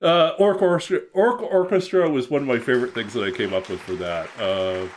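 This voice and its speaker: A man reading his own children's story aloud in a gentle, expressive storytelling manner, then chatting casually with his stream viewers. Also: brisk, a little hiss or hum. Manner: expressive, gentle storyteller who swings his pitch a lot.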